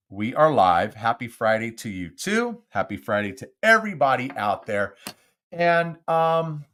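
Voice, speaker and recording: An older man from Southern California hosting a live podcast, chatty and animated, talking close into a studio mic. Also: on the low side. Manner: chatty and animated, self-deprecating. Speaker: podcast host. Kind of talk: casual live podcast chat. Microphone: close studio mic with windscreen.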